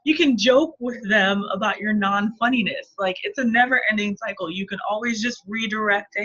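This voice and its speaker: A woman's voice: medium pitch, unhurried, long pauses, pushed and bright. A woman in her thirties, a marketing coach, teaching casually and playfully while laughing often. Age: 30s. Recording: dull lo-fi recording.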